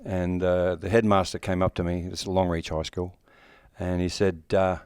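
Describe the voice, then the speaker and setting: A man's voice: low voice, little pitch movement, normal speed, darkish tone, clear, resonant tone, no echo, clean studio sound. A man in his sixties with an Australian accent, a guest actor talking bluntly and joking, with plenty of swearing, in a casual interview. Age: 60s. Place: horror convention.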